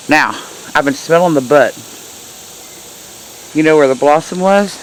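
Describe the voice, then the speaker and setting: A woman's voice: low-pitched, a little slow, long pauses, slight background noise, low-quality recording. A woman giving a casual, chatty tour of her backyard garden in the heat, hot and sweaty and laughing at herself. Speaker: gardening vlogger.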